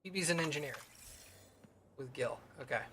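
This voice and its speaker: A man's voice: fairly high pitch, moderate pace, pushed and bright, slight background noise. A man streaming a game, chatting casually and poking fun at himself. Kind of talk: casual chat over gameplay.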